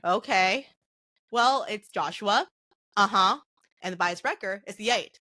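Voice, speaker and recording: A young woman co-hosting a podcast in casual chat, reacting with warm sounds and frequent laughter. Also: mid-range voice, a little slow, no echo. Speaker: podcast co-host.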